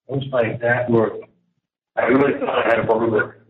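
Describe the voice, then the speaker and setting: A man's voice: medium pitch, flat delivery, roomy sound. Man rambling over a tinny prison phone. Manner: rambling, halting, with many restarts and repeated words. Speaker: inmate on a jail call. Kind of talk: casual phone conversation. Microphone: phone handset.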